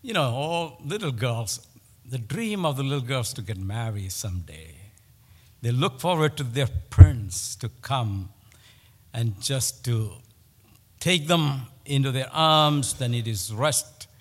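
Male pastor, measured sermon delivery with emphatic repetition, recorded in a hall with long reverb. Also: medium pitch, animated. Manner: storytelling, with pauses and emphatic repetition. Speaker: preacher.

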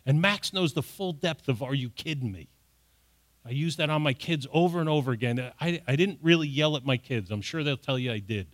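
A man's voice: a little high, expressive, brisk, hardly any pauses. A middle-aged man preaching a sermon, reading scripture aloud and then explaining it with rising emphasis. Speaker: pastor.

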